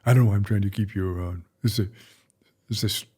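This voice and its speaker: A man's voice: on the low side, fairly even intonation, rapid-fire, darkish tone, husky. A middle-aged male veterinarian chatting on a podcast, rambling and folksy with blunt asides. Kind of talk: casual podcast chat.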